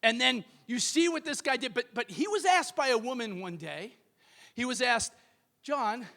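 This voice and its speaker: A man preaching a sermon as pastor of a church, emphatic and building to shouted peaks. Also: very high voice, expressive, normal speed, gravelly. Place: church sanctuary.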